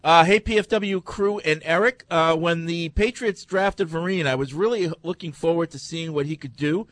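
A man's voice: a little high, moderate pace, a bit bright, no room sound. A man hosting a casual sports talk show, reading listener emails aloud between chat.

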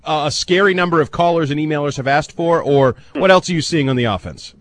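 A man's voice: fairly high pitch, fast talker, a bit bright, no room sound. A man co-hosting a sports radio show with sarcastic, teasing remarks. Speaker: radio co-host.

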